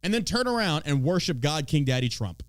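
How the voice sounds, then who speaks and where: A man's voice: fairly high pitch, sing-song, brisk, no room sound. A man from Texas hosting a podcast, ranting about politics in a mocking, profane way and swearing freely. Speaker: podcast host.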